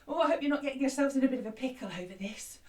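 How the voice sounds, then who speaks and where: A woman's voice: sits high, rapid-fire, a little mellow, far from the mic. A woman teaching a children's music lesson who sings an action song and cheerfully explains each step. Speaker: primary school music teacher.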